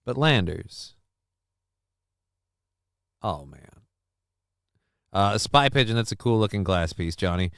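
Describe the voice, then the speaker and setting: A worn-out man hosts a casual live stream, drifting between viewer comments and the news. His voice sits a little low and comes across smooth. The sound is dry and close. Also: lively intonation, slow pace, pauses often, a bit bright, no room sound. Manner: rambling, chats with viewers, reads news aloud. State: fuzzy, wiped out. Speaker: show host.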